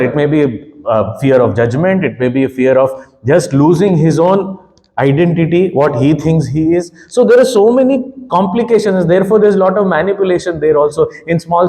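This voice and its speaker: A fairly high-voiced man teaches scripture in an easy, conversational way. He doubles words for emphasis and chuckles often, and his mellow tone rings through a reverberant hall. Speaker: spiritual teacher. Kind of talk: scripture discourse.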